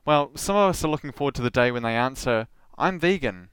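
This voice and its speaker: A man narrating his podcast from a script, earnest with a dry wry streak. His voice is smooth and clean, close on the mic in a dead, dry room. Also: medium pitch, lively intonation, fast talker, a bit bright, dry recording. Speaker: podcast host.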